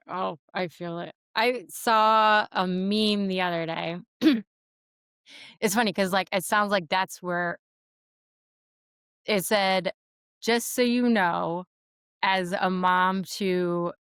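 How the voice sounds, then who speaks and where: A woman in her thirties hosting a podcast, chatting casually, expressive and laughing as she acts out quotes. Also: on the low side, clear, resonant tone, dry recording, studio quality. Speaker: podcast host. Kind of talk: casual conversational interview.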